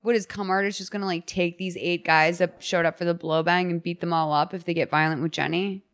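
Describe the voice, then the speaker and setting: A woman's voice: on the low side, steady tone, a little fast. A woman hosting a podcast, chatting casually in a blunt, frank and jokey way. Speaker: podcast host. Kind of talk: casual chat.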